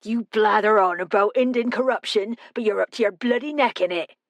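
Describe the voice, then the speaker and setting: A woman's voice: mid-range voice, a little fast, no room sound, lo-fi sound, voice pushed up, lightly acted. A woman voicing a belligerent heavy-set male drinker who growls his accusations in a West Country accent. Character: brawling middle-aged male drinker, belligerent.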